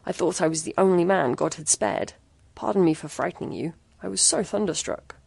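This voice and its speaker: A woman voicing a sinister, gaunt older man who talks in a hoarse, slow, falsely courteous voice. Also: a little mellow, no echo, full character voice. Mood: gloomy. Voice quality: hoarse, booming.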